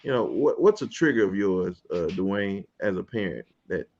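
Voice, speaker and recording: Male host, low gravelly voice, relaxed and chuckling, dull lo-fi audio. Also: moderate pace. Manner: laid-back, chuckling, steering the discussion. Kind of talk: casual panel talk show.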